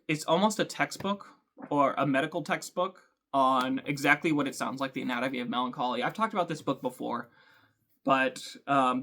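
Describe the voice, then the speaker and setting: Bright-voiced man musing on books. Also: fairly high pitch. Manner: thoughtful, hesitant, many ums. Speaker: book channel host. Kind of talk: casual talk to camera.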